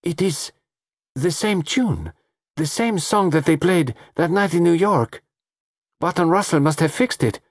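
A man doing a shrill, frantic foreign woman. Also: expressive, measured pace, no room sound, studio quality. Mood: frightened. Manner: high, sharp and frantic.

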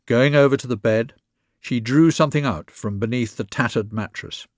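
A man's voice: medium pitch, moderate pace, no room sound. Man narrating a story, dry close sound. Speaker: reader.

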